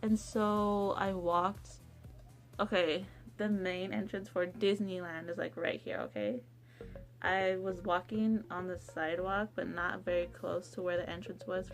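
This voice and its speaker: A young woman vlogging a casual storytime, chatty, acting out quotes in a higher voice. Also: a little slow, soft background music.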